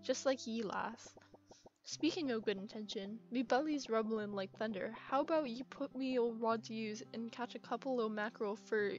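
A woman voicing a hefty, jolly old male seal sailor in a put-on pirate accent, loud and hearty, over muffled game music. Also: a little high, normal speed, close to an everyday voice.

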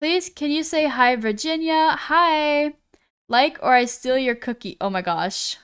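A woman's voice: sits high, expressive, a little slow, a bit bright. A woman streaming live, chatting casually as she reads viewers' messages aloud, often stumbling over names and apologizing.

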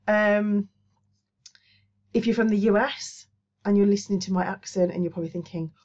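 A woman's voice: mid-range voice, fairly even intonation, moderate pace, a little mellow, muffled recording. Chatty black country woman, rambling. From Black Country, England. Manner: rambling, chatty, lots of ums. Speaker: crochet and craft channel host. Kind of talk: casual chat to camera. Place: small home studio office.

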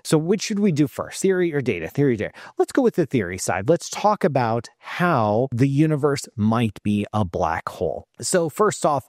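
A man, a cosmologist, hosting an off-the-cuff explainer video in an animated, emphatic, conversational way. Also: medium pitch, dry recording, studio quality. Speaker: cosmologist host.

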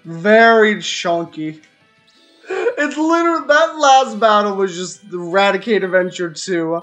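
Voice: mid-range voice, animated, a little slow, fairly bright tone. A VTuber streamer giving casual gameplay commentary, playfully mocking opponents, with faint game music behind.

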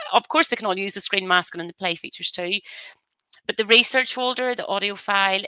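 A woman giving a webinar software demonstration as a trainer, talking on a headset mic in a chatty, explanatory way with practical asides. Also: medium pitch, no room sound.

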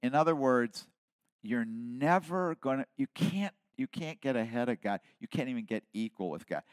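A man in his seventies preaching a sermon with passion, dropping to quiet asides and then rising to loud emphasis. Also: medium pitch, animated, moderate pace, clean tone, dry recording. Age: 70s. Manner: impassioned preaching, swinging between soft asides and loud emphasis. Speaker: pastor.

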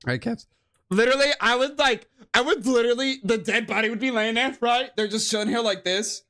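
A man's voice: very high-pitched, brisk, bright, forceful tone. A man streaming a game live, giving casual, profane, slangy commentary and laughing often.

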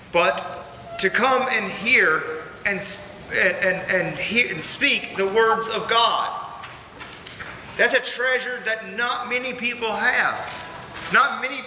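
High-voiced pastor preaching in an echoey church. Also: male voice, pushed and bright. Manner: earnest, emphatic preaching with repetitions. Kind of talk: sermon. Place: large church sanctuary. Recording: echoey church hall with background noise.

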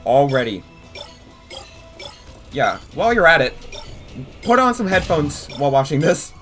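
A young man narrating a horror game run for his channel, lively and easily startled, his pitch leaping up and down as he reacts. Faint game music plays under his voice. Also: moderate pace. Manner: jumpy, excitable, talks to viewers. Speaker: gaming YouTuber. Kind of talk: casual let's-play commentary.

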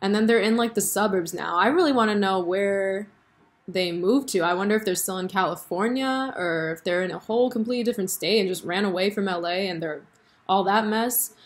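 A woman's voice: medium pitch, fairly quick. Chatty young woman vlogger. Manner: chatty, animated, lots of fillers and laughs. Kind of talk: casual chat about a TV show.

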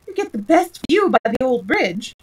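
A woman's voice: a little high, expressive, moderate pace, poor audio. A woman voicing a nervous, quavering old king in a storybook reading. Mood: fretful. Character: fretful timid old male king.

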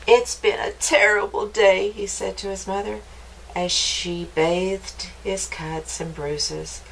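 A woman reading a picture book aloud to children for a library storytime, stopping often to ask them gentle, playful questions. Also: medium pitch, a little hiss or hum, poor audio.

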